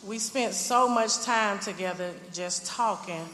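A woman's voice: mid-range voice, measured pace, background noise. Earnest woman recounting a story in an echoey hall. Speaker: family member telling a personal story. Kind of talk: emotional personal testimony.

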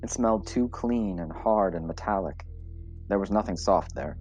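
A man narrating a story in a measured, deliberate reading style. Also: sits low, a little mellow. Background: faint music.

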